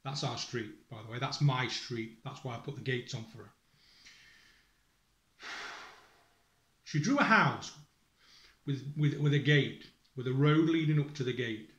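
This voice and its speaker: A man's voice: medium pitch, expressive, a little slow, long pauses, a bit bright, roomy sound, lo-fi sound. A distressed man speaking straight to his family as a father. He is angry and accusing, swears, breaks off his sentences and reads aloud from a school report. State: distressed and emotional. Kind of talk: emotional direct-to-camera appeal, reading from a school report.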